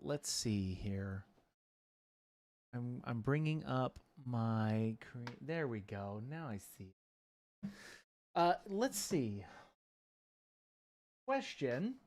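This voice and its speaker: A playful man co-hosting a casual livestream and reading chat messages aloud. His voice swoops up and down in lively bursts. He keeps throwing in goofy asides. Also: mid-range voice, drawn-out words, long pauses. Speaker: co-host reading viewer chat.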